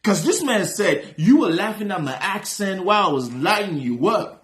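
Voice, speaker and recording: Excitable high-voiced man in an echoey room. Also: normal speed. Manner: animated, slangy, breaks into shouts of excitement. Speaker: reaction video host. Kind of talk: casual commentary reacting to a rap track.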